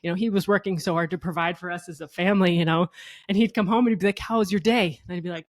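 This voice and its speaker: A woman in her thirties, a podcast guest, telling her story in lively conversation and acting out what people said. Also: lowish voice, racing. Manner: animated, laughs often, acts out quotes. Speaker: guest, co-founder.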